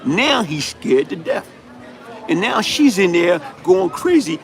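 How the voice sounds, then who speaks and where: A man's voice: high voice, big pitch swings, slow pace, some chatter behind. A middle-aged man, telling a personal story on a live stream in emphatic street slang. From New York City. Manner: emphatic street-slang storytelling, repeats "you know what I'm saying". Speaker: livestream host.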